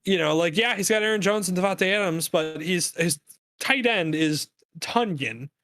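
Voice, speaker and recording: High-voiced man ranting about sports. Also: moderate pace, no room sound. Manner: animated rambling rant with many fillers. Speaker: podcast co-host. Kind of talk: casual sports chat.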